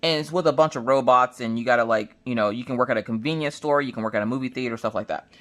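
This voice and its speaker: A woman crafting vlogger chatting casually, telling family stories with lots of restarts and acted-out voices. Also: fast. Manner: animated, acts out family members in shrill high voices; chatty, with many restarts and "look, listen". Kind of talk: casual storytelling chat.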